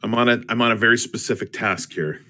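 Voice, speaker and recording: A man's voice: on the low side, fast talker, sharp tone. A man playing a tabletop game, speaking hesitantly and repeating words as he searches for them. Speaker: player. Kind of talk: tabletop role-play chat.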